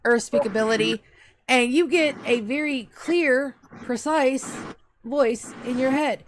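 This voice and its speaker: A woman narrating as game master of a tabletop game, describing scenes in an unhurried way with fillers. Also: high-pitched, a little hiss or hum.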